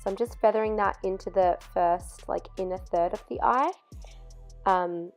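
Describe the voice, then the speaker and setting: A woman's voice: medium pitch, normal speed, faint music behind. A young woman narrating a makeup tutorial voice-over step by step, chatty, while losing her voice. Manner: chatty, step-by-step explaining with fillers. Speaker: makeup artist.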